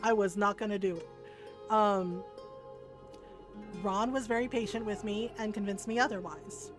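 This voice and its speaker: A woman's voice: mid-range voice, steady tone, normal speed, over music. A woman in her forties streaming a game, telling a personal story in a candid, casual way, swearing freely and laughing often. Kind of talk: casual storytelling while gaming.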